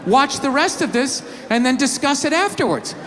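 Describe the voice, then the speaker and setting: A woman's voice: sits high, sing-song, normal speed, big-room sound, a crowd in the background, noisy background. A man mimicking his insistent questioning wife. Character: exasperated wife, adult woman, pressing for answers.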